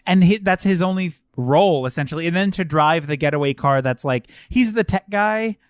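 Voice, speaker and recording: A man's voice: fairly high pitch, animated, moderate pace, clean tone, no echo, studio quality. A man co-hosting a podcast, chatting casually and animatedly about films, laughing and mocking put-on accents. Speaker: podcast co-host. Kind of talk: casual film-review chat.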